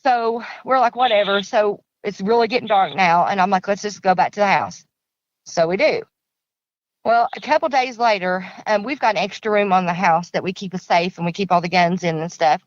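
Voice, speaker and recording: A woman's voice: mid-range voice, normal speed, dry recording, dull audio. A middle-aged woman, a guest casually telling a long story, rambling and repeating herself in plain country grammar. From Kentucky. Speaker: guest recounting an encounter.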